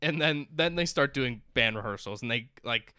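Bright, crisp-voiced man retelling a story. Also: medium pitch, moderate pace, dry recording, studio quality. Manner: animated retelling full of "like". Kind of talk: casual chat.

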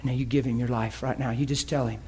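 A man's voice: medium pitch, little pitch movement, fast talker, mellow, slight background noise. A male preacher delivering an emotional sermon, moving between playful banter, laughter and earnest prayer.

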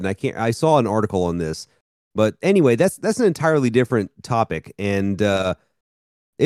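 A man's voice: mid-range voice, warm tone, no room sound, clean studio sound. A man in his thirties co-hosting a podcast, rambling and self-mocking with casual profanity. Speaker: podcast co-host. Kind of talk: casual chat.

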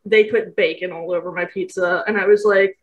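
A woman's voice: lowish voice, fairly even intonation, fairly quick, lo-fi sound. A young woman co-hosting a podcast in casual chat, candid and laughing, swearing now and then. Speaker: podcast co-host.

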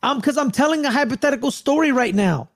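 A man's voice: very high-pitched, lively intonation, fast talker. A man co-hosting a sports podcast, ranting in a loose, slangy way and repeating himself. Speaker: podcast co-host. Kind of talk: casual sports chat.

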